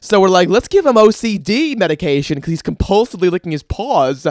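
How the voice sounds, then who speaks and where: A man's voice: high voice, a little fast, no room sound, studio quality, pitched above the performer's own voice. A man voicing a chatty older New York woman who gushes breathlessly about her pet. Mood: gushing. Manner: breathless, excited, emphatic.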